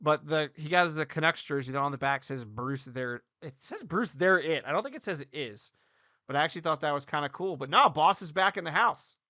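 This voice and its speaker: A man in his thirties co-hosting a casual hockey podcast, joking and animated, swinging between loud bursts and quiet asides. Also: on the high side, brisk, no room sound. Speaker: podcast co-host, hockey coach. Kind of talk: casual sports podcast chat.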